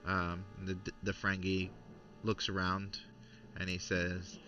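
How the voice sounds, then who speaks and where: A man's voice: low-pitched, level tone, a little slow, recorded from a distance, over music. A man narrating a tabletop game as game master, hesitant with many fillers.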